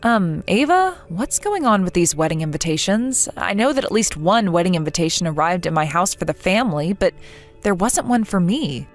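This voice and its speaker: A woman's voice: on the low side, very animated, normal speed, faint music behind. A synthetic woman's voice speaking as a hurt young woman in a text-message story, asking earnest, pleading questions.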